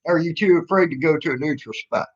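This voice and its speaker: A man's voice: a little high, fast. A man hosting a livestream, talking casually in a mocking, sarcastic way with rambling restarts. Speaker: livestream host. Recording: dull lo-fi stream audio.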